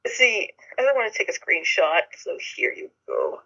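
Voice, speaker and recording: A woman's voice: on the low side, wildly swooping pitch, moderate pace, creaky, pushed and bright, lo-fi sound. A woman voice actor chatting on a call, giggly and offhand. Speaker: guest voice actor. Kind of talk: casual chat on a call.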